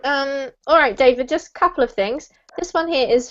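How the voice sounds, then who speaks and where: A woman's voice: sits high, moderate pace, fairly bright tone. A woman teaching an online English lesson, encouraging and patient, laughing often as she explains. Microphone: video call. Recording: muffled online call audio.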